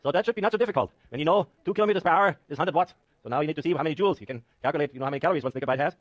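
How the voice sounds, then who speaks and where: A male professor teaching a lecture hall full of students, talking at a rapid clip with a slightly raised pitch. He jokes and teases his audience as he works through the numbers. His voice sounds close and dry, with little room sound. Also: muffled recording. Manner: joking, animated, self-mocking. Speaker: university professor. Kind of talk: classroom lecture with live demo.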